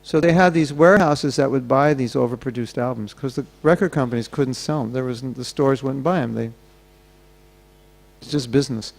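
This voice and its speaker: A temple speaker with a mid-range voice and vocal fry preaches briskly. His sermon is built from stories, and he performs the voices of their characters.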